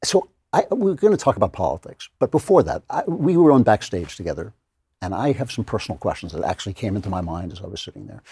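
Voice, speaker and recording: A middle-aged man hosting a conversational interview, animated, with stammering restarts. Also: on the low side, fast talker, gravelly, slightly rough, no room sound. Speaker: interview host.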